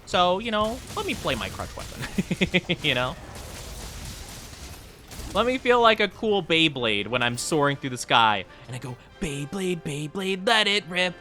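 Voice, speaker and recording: A man's voice: on the high side, sing-song, a little slow, pauses often, sharp tone, soft background music. A man chatting casually and playfully while streaming a game, rambling and laughing often. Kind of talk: casual live-stream chat while gaming.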